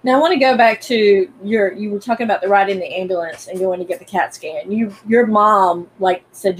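A woman from North Carolina hosts an interview, asking questions in an easygoing conversational way. Her voice sits at a middle pitch. Faint background noise sits under the recording. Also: fairly quick, few pauses, poor audio. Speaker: podcast host.

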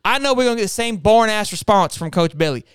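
A man's voice: sits high, expressive, fast, clear, resonant tone, no echo, clean studio sound. A man hosting a casual sports talk show, fired up and emphatic, tacking "okay?" onto his points. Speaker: podcast host.

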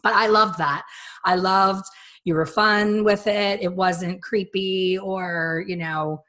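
A woman in her fifties, a hairstylist hosting a casual chat, telling stories in an animated way and acting out quotes. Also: medium pitch, slow. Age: 50s. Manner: animated storyteller who acts out quotes. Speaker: hairstylist and podcast host.

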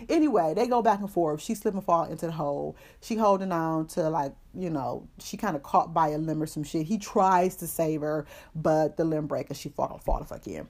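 A woman with a fairly low voice recaps a story for a comedy podcast. She tells it in loose, profane slang with plenty of fillers and asides. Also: moderate pace, few pauses, darkish tone. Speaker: podcast host.

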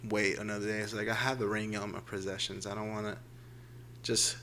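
A young man co-hosting a casual chat, talking in a relaxed, rambling way. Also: fairly low pitch, a little fast. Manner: relaxed, laid-back, rambling. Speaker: podcast co-host.

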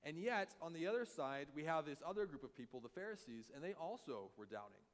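A man preaching a sermon as a pastor, animated and acting out the voices of the people he quotes. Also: on the high side, a little fast. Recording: long hall reverb.

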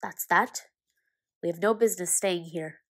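A woman voicing an old male wizard who speaks calmly, with dry, measured humor. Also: on the low side. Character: old male wizard headmaster, calm and wry.

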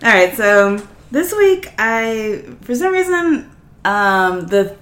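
A woman's voice: mid-range voice, very animated, slow pace, fairly bright tone. A young woman co-hosting a podcast, chatting casually in a teasing, giggly way. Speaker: podcast co-host. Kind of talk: casual chat.

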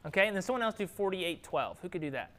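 A man's voice: high-pitched, quick pace. Young man casually teaching a Bible study. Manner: conversational, lively, drops to a whisper at times. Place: classroom with a group.

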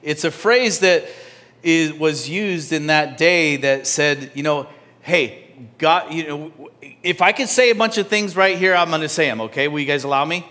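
A man preaching a sermon in a church, talking to the congregation in a conversational way that swings from loud and emphatic to soft, almost whispered. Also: a little high, normal speed. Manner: conversational, with restarts and asides to the congregation. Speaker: pastor.

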